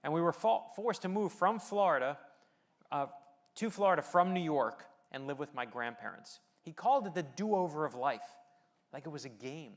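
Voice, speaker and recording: A man's voice: a little high, animated, moderate pace. A middle-aged man from the United States delivering a motivational speech, telling personal stories with light humor and rallying the audience. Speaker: keynote speaker and novelist.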